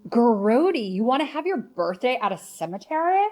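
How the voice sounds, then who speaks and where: A woman's voice: on the high side, sing-song, normal speed, a little mellow. A woman comedian in a sketch, talking in casual teen-style chatter.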